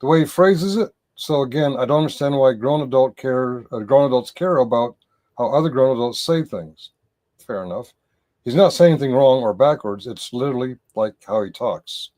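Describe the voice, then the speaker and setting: A man hosting a livestream and reacting to a clip in loose, chatty commentary. His voice sits at an ordinary middle pitch, and he wanders and backtracks as he talks to his chat. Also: lively intonation, moderate pace, a little mellow. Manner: rambling, self-correcting, talks to his chat.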